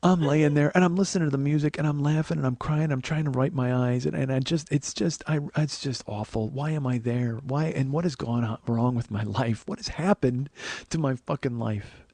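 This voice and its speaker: A man in his forties, hosting his podcast and telling a raw, profane story that swings from hushed and tearful to loud and laughing. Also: medium pitch, a little fast, dry recording. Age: 40s. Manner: profane, rambling with many restarts. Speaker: podcast host. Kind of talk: confessional comic storytelling.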